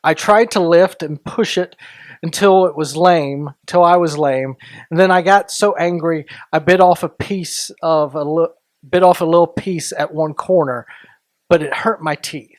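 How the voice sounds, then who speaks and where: A man hosting a story podcast, reading a classic tale aloud in a deliberate, sometimes hushed way. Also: fairly high pitch, dry recording. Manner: slow, deliberate, softening into hushed tones. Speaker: story reader and podcast host.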